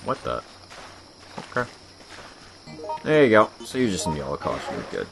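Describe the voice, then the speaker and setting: A man's voice: fairly low pitch, big pitch swings, normal speed. A young man co-hosting a let's play, teasing his partner and explaining the game mechanics in casual commentary. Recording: game music behind.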